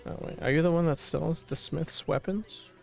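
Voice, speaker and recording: A male game streamer rambling along as he plays, swearing casually and filling the quiet. His voice is gravelly and sits a little high. Faint game music runs under him. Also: normal speed. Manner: rambling, swears casually, fills dead air. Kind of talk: gameplay commentary.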